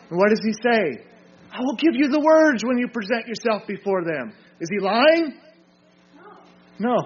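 A man's voice: fairly high pitch, lo-fi sound, slight background noise. An older man preaching an informal sermon, earnest, asking questions and answering them himself.

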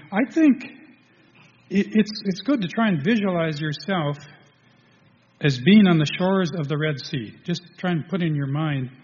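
Guy giving a sermon, kinda husky, stops and restarts a lot, long hall echo. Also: fairly high pitch. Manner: halting, with many restarts and fillers. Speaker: preacher. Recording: dull lo-fi sound in a reverberant hall.

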